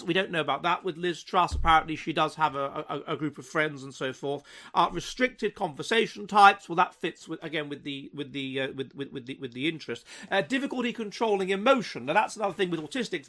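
A man's voice: a little high, fairly bright tone. A man giving a vlog commentary monologue, lecturing in a hesitant way full of restarts.

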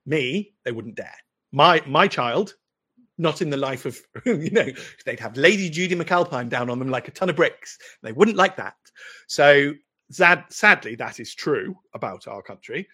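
A man's voice: fairly high pitch, lively intonation, a little slow, sharp tone, slightly rough. Posh English man, rambling opinionated commentary. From United Kingdom. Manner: rambling, with frequent restarts and asides. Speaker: lawyer answering viewer questions. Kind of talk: casual livestream commentary.

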